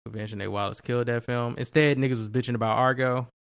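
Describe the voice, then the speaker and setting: A man's voice: medium pitch, steady tone, fast talker, smooth, no room sound, studio quality. A man chatting casually about films, blunt and profane. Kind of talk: casual chat.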